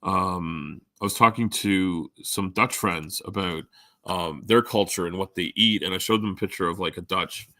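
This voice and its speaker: A man's voice: low voice, moderate pace, sharp tone, no room sound, studio quality. A middle-aged man chatting casually with live viewers as a stream host, rambling with lots of fillers. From Canada. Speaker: livestream host.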